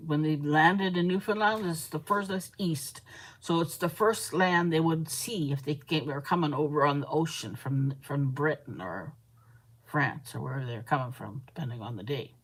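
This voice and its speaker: A Canadian woman with a deep voice hosts a casual live stream while crafting, speaking a little slowly. She rambles and chats with viewers, reading their comments aloud, and the audio quality is poor.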